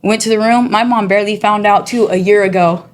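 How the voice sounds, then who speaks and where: Woman telling a hard story, chatty and animated. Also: mid-range voice, a little fast. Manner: animated storyteller, acts out the people in her story; chatty and streetwise, often says "you know" and "girl". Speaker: guest sharing her testimony. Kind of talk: casual testimony storytelling.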